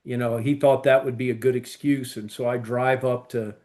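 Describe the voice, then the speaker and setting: A man's voice: mid-range voice, steady tone, moderate pace, a little mellow. A man co-hosting a podcast, telling long rambling stories in casual chat with many fillers. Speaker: podcast co-host.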